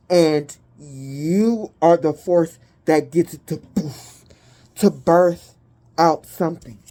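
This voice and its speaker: A woman giving a spiritual tarot reading in a blunt, emphatic way. She swears often and reads out lists of keywords slowly and deliberately. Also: low voice, mellow. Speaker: tarot reader.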